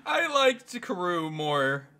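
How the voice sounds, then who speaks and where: A man's voice: high-pitched, big pitch swings, slow pace, pushed and bright, slight background noise. A man co-hosting a podcast, chatting casually and laughing often, with lots of "like" fillers. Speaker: podcast co-host. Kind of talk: casual chat.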